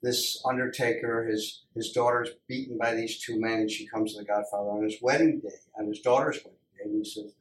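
A man's voice: medium pitch, fairly even intonation. Easygoing chuckling male host. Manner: chuckling, easygoing, halting restarts. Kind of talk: casual chat. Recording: echoey room, mic at a distance.

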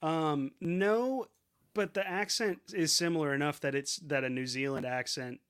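A man's voice: a little high, normal speed, a bit bright, clean tone. Rambling, foul-mouthed podcast man. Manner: rambling, profane, restarts a lot. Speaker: podcast co-host. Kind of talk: casual chat.

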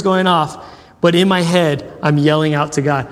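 With a fairly high pitch and a fairly quick pace, a pastor delivers a sermon as animated storytelling, performing quotes and putting questions to his audience. Long hall reverb fills the recording.

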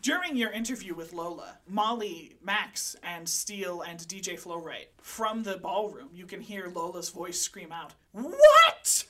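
A woman's voice: lowish voice, normal speed, hardly any pauses, pushed and bright. A woman narrating a tabletop mystery game as game master, in a vivid, dramatic way.

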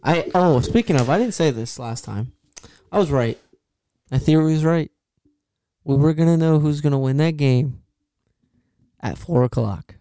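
A man's voice: on the high side, moderate pace, mellow, no room sound. A young man hosting a casual sports podcast, bantering with heavy sarcasm. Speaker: podcast host.

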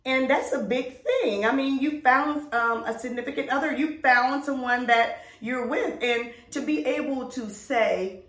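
A middle-aged woman talks in a casual podcast chat, emphatic and a little preachy, her voice set slightly high. She sits back from the mic in an echoey room. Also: a bit bright, far from the mic. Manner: emphatic and preachy, drawn-out words. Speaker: podcast co-host.

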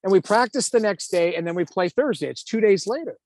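Guy in his 50s, ex goalie now tv analyst, chatty storytelling, slightly high voice, dry sound. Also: brisk, dry recording. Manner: animated, acts out quotes, lots of "like". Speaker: former pro hockey goalie and TV analyst. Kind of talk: casual storytelling in an interview.

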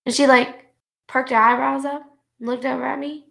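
A woman co-hosting a podcast, telling an angry story about her kids in a casual, animated way with plenty of swearing. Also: high voice, a little fast, creaky. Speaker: podcast co-host; mother. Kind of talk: casual ranting chat.

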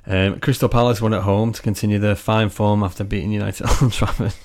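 A man with a lowish voice teases his co-host and runs through the weekend's football results in a casual chat. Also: fairly even intonation, fast, darkish tone. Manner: teasing, joking, reads results. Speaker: podcast co-host.

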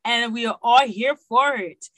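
High, bright, exuberant woman co-host. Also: moderate pace, dry recording, low-quality recording. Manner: loud, exuberant hype, playful teasing. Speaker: podcast co-host. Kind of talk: casual chat.

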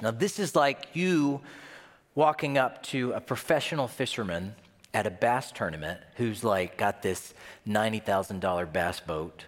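A man preaching a sermon as pastor in a conversational, animated way, acting out scenes as he tells them. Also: on the low side, moderate pace, in a large hall.

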